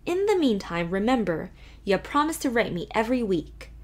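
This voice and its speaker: Woman reading a gentle, wry grown man. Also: fairly high pitch, sing-song, a little fast. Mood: fond.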